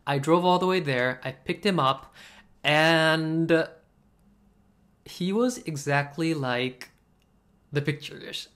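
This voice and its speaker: A young man telling a personal story to camera in a casual, expressive vlog style, full of "like" fillers. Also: fairly high pitch, slow, long pauses. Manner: chatty and expressive, many "like" fillers, laughs while telling. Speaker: vlogger.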